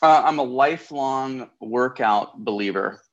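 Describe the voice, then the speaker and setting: A man joining a trading show as a guest, talking in an easygoing, energetic way. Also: medium pitch, measured pace, dull audio. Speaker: guest trader. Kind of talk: casual interview chat.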